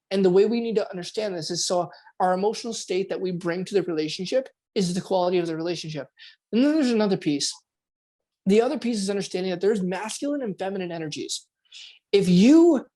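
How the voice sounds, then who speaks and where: Animated man coaching, casual podcast talk. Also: high-pitched. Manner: animated, acts out quoted inner voices, casual swearing; talking a bit quietly. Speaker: performance coach. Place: at home at night.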